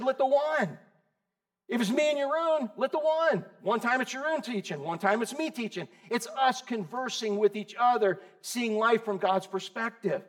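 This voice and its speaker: High-voiced joking preacher man. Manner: joking, quizzes and calls on listeners by name. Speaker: pastor. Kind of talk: casual conversational sermon. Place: church service with congregation.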